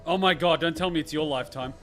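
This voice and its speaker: A man giving casual reaction commentary on a game, excitable, joking and profane. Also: a little high, fast, soft background music.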